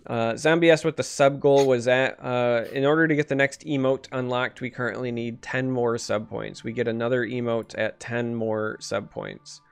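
A man's voice: medium pitch, steady tone, normal speed, gravelly, hardly any pauses, smooth. A man hosting a live-streamed podcast, talking casually about strategy and thanking chat, thinking aloud with many restarts.

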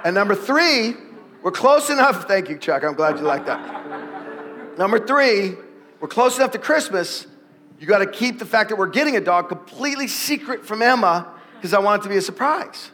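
High, bright-voiced animated preacher man. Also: moderate pace, slight background noise. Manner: animated storytelling, rising to shouted exhortation. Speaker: pastor. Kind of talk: sermon with personal story. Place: church sanctuary before a congregation.

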